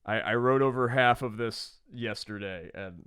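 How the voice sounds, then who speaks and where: A man from Georgia co-hosts a podcast in loose, casual chat. He rambles and swears, with a sardonic edge. His voice is smooth and resonant, and the recording is dry and close. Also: fairly low pitch, measured pace, fairly bright tone, no room sound. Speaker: podcast co-host.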